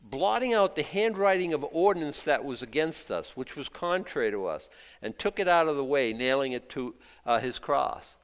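Male pastor, sermon, jokey Bible teacher, very animated delivery, slightly high voice. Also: moderate pace, clean tone. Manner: animated, swinging from low asides to loud exclaims.

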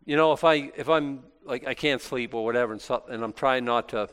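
A man's voice: medium pitch, a little fast, fairly bright tone, smooth. Rambling, conversational male pastor. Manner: conversational, rambling with many restarts; self-deprecating and lightly joking. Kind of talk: informal Bible talk.

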